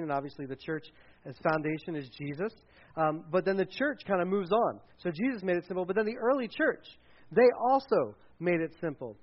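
A man's voice: on the high side, highs cut off. A man preaching a casual sermon as pastor, conversational with many fillers and restarts.

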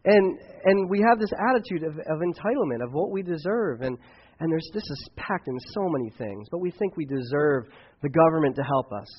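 A man preaching a sermon as pastor, emphatic, swinging between loud outbursts and quiet asides. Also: a little high, animated, brisk, slight background noise. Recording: dull lo-fi recording.

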